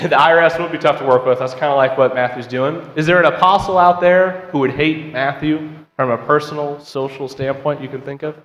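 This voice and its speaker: A man's voice: fairly high pitch, brisk, fairly bright tone, lo-fi sound. A man leading a church Bible class, chatting with the class, asking questions and reading scripture aloud. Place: church auditorium. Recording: roomy hall with long reverb.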